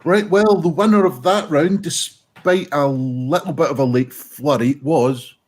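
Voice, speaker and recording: A British man with a fairly high voice and a measured pace hosts an online pun contest. He announces scores and calls on players in a jokey, casual manner, like casual online comedy chat.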